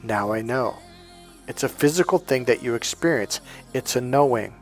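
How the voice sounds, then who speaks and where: A man's voice: mid-range voice, moderate pace. Self-assured man with faint music behind. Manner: animated, self-assured, laughs at his own points. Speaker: spiritual coach. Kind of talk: casual spiritual monologue.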